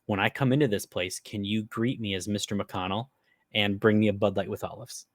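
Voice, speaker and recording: A man's voice: lowish voice, steady tone, a little fast, dry recording, studio quality. A man with an Upper Midwest American accent, casually telling a long prank story on a podcast, laughing and swearing as he goes. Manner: rambling, swears freely, laughs while telling. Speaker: podcast co-host.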